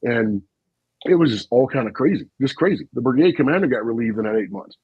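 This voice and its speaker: A man, a retired army officer, telling stories in an animated, folksy way on a casual podcast. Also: mid-range voice, fast, breathy edge, no echo, phone-quality sound. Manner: animated, folksy storyteller with frequent asides and laughs.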